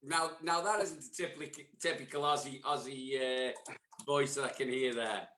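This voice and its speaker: A man hosting a podcast, chatting with guests in quick, jokey banter. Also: medium pitch, fairly even intonation, pushed and bright. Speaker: podcast host. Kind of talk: casual on-the-floor interviews. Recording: echoey hall.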